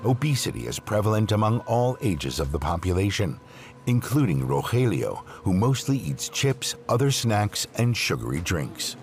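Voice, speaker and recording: A man reading scripted documentary narration in a measured, expressive way. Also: on the low side. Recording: narration over clear music.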